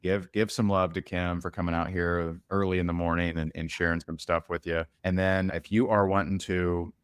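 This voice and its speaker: Deep-voiced enthusiastic male host. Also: flat delivery, normal speed, clear, resonant tone, no echo, studio quality. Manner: enthusiastic, effusive. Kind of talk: interview sign-off and chat.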